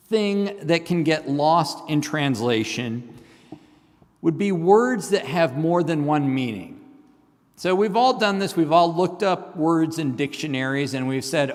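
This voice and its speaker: A middle-aged man, a seminary professor, giving a church lecture, explaining word meanings and reading scripture aloud with frequent ums. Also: on the high side. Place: church hall. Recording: long reverb of a large hall.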